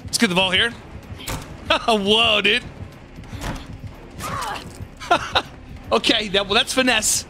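A man giving casual, excitable gameplay commentary as a gaming YouTuber, swearing and laughing often. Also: sits high, very slow, gravelly, long pauses, background noise.

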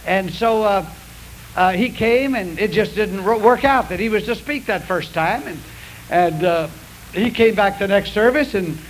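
Heard through a hissy old radio broadcast with rough sound, a pastor delivers a storytelling sermon to his congregation. His voice sits high and unhurried, and he speaks folksily and confessionally with a drawl.

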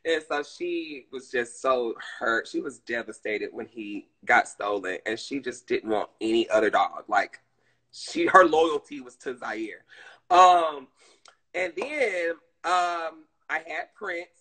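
A man's voice: medium pitch, takes it slowly. A man from Georgia, chatting casually and telling stories on a live stream. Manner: chatty, expressive storytelling.

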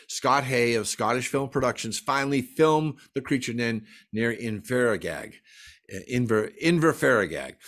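A man's voice: medium pitch, fairly bright tone. A man giving a folklore lecture at a library, enthusiastically reading out lists of dates and sighting reports. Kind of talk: lecture presentation.

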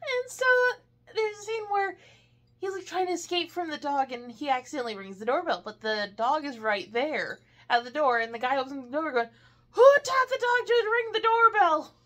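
A woman with a high voice chatting casually about a movie. She speaks in short, halting bits, chiming in with the scenes she liked. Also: expressive. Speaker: movie reviewer. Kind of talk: casual chat.

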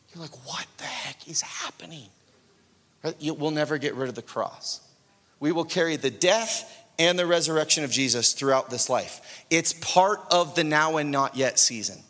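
Pastor preaching in a reverberant hall. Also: male voice, on the high side. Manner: conversational preaching, acts out inner voices, swings loud and soft. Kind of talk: sermon. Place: church sanctuary.

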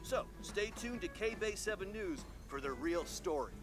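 A man's voice: high voice, lively intonation, measured pace, soft background music. An actor voicing an upbeat male TV news anchor reading a promo in a video game.

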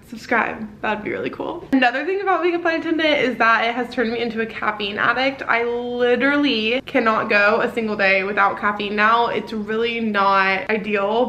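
A woman's voice: a little high, sharp tone, poor audio. A woman, chatting casually to a handheld camera in a vlog, laughing at herself. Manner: chatty and self-deprecating, quick to laugh. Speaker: vlogger and flight attendant. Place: out and about, at home and outdoors. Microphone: camera with flip-up screen at arm's length.

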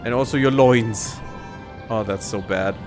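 A man's voice: lowish voice, a little slow, faint music behind. A man hosting a let's play, giving casual sarcastic commentary while he plays and swears freely.

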